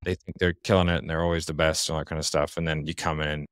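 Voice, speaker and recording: A man's voice: extremely low pitch, level tone, very fast, clear, resonant tone, no room sound, clean studio sound. A man giving casual interview talk as a podcast guest, confident and blunt, explaining with examples.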